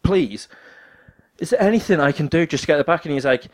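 A man's voice: a little high, a little fast. A young man telling a story in casual chat, swearing freely and acting out what other people said. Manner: animated, swears often, acts out quoted dialogue.

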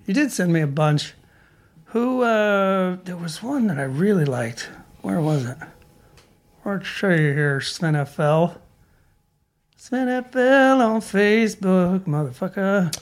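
A podcast co-host from Sweden chats casually and reads listener messages aloud in a laid-back, joking way. His voice sits high with lively intonation, and he takes it slowly.

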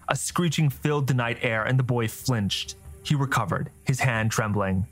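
A man reads a fantasy story aloud with a steady, even storytelling delivery. His voice sits in the middle of the male range. Faint music plays underneath. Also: mid-range voice, normal speed, hardly any pauses. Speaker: narrator. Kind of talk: scripted fantasy narration.

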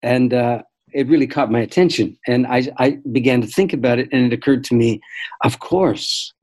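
An older man speaks as an interview guest in a warm, mellow voice at a mid pitch. He tells stories reflectively and measuredly, often restarting his sentences. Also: fairly even intonation, low-quality recording. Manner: thoughtful, measured, frequent restarts. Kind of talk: reflective storytelling conversation.

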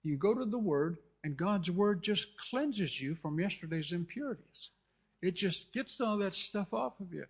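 A California pastor preaches fervently in a high-pitched, animated and slightly rough voice at normal speed, repeating himself, often restarting, and making asides to the congregation. The recording is dull and lo-fi.

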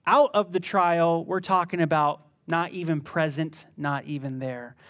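A middle-aged male pastor with a voice that sits high preaches a sermon in a conversational, animated way, breaking into sudden bursts of intensity.

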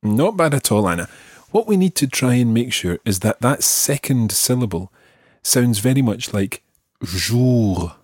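A man with a Scottish accent teaching a podcast language lesson and repeating words slowly for the learner. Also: mid-range voice, expressive, darkish tone, breathy edge, no echo, clean studio sound. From Scotland.

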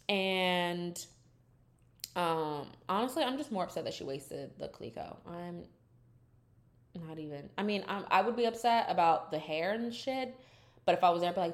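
A woman's voice: on the low side, animated, normal speed. A young woman casually recapping a reality show, chatty and profane, acting out the cast's quotes.

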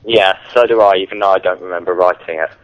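A man, a guest in a casual radio chat, talking in a quick, defensive way. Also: low-pitched, steady tone. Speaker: forum regular and guest. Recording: lo-fi, with faint music.

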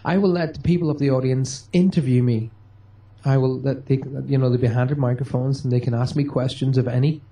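Mellow-voiced man telling stories. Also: medium pitch, a little fast. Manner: lively, joking, acts out dialogue. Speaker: medium and touring stage performer. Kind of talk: storytelling interview answers.

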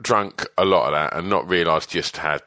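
A man's voice: deep voice, normal speed, bright, forceful tone. A man casually telling a story about his band days, swearing freely and laughing as he goes. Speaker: storyteller guest, former band member. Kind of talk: casual anecdote.

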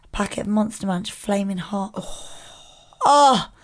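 A woman's voice: medium pitch, unhurried. A woman co-hosting a podcast, brash, sweary and giggly in casual chat. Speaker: podcast co-host.

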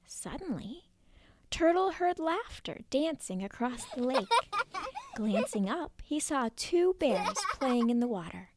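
A woman narrating a children's story in a playful, expressive way, at times dropping to a whisper. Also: on the high side, slow pace, no room sound.

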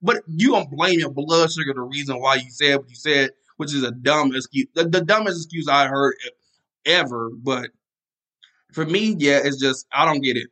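Heated podcast host, bright and fiery. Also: male voice, mid-range voice, normal speed. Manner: angry, repetitive, many restarts and fillers. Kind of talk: casual solo podcast rant.

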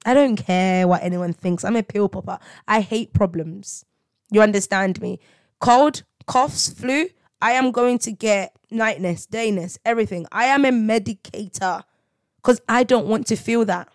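A young woman chats on her podcast in an animated, storytelling way, often breaking into laughter. Her voice sits at an ordinary middle pitch. It is recorded dry and close, with no room sound. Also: unhurried, no room sound. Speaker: podcast host. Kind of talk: casual faith podcast chat.

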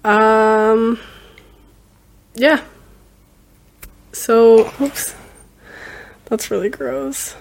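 A woman's voice: a little high, fairly even intonation, very slow, vocal fry, long pauses. A woman hosting a podcast in casual chat, hesitant and giggly with many ums. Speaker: podcast host.

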